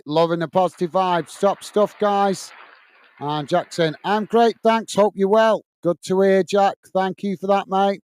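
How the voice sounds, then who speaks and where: A man's voice: high-pitched, a little mellow. A man hosting a football watch-along stream, reading out viewer messages and thanking each one as "mate". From England. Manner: chatty, says "mate" and "guys" a lot. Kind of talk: live stream chat.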